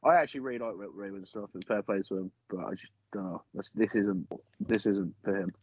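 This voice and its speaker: Male co-host, excitable and disbelieving, husky and close-miked. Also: lowish voice, brisk, dry recording, muffled recording. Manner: animated, incredulous, swears casually. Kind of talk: casual film discussion.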